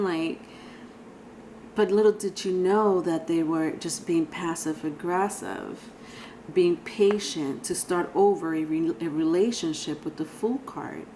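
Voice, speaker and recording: Female tarot reader, low-pitched, chatty and rambling, speaking directly to her viewers. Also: mellow, a little hiss or hum, low-quality recording. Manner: chatty, rambling, frequent sighs and laughs. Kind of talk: casual tarot reading.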